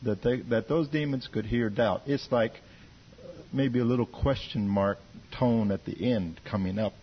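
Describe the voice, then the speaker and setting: A man's voice: mid-range voice, measured pace, breathy edge, dull audio. A man from the congregation sharing an earnest testimony in a group discussion, repeating words as he thinks. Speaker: church member.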